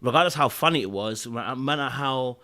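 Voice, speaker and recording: A young man chatting casually on a podcast, telling a story with lively acted-out quotes and filler like "da, da, da". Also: mid-range voice, brisk. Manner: animated storytelling, acts out quotes, fills with "da, da, da".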